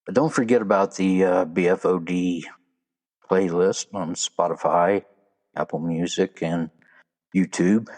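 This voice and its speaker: Slow, low-voiced man hosting a podcast. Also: steady tone, darkish tone. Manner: folksy, joking delivery with trivia. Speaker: podcast host. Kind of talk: casual solo podcast monologue.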